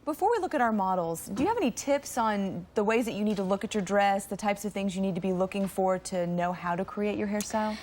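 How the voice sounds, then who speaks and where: A woman's voice: medium pitch, fast, few pauses, a little mellow, a little hiss or hum. A woman hosting a daytime TV segment, prompting her guest with questions and many affirming fillers, heard from worn old videotape. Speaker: TV show host. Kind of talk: midday TV segment interview.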